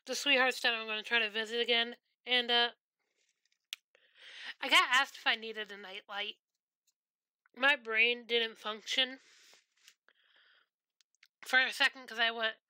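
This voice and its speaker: Bright, crisp-voiced woman game streamer. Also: on the high side, no room sound. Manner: rambling, profane storytelling. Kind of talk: casual streaming chat.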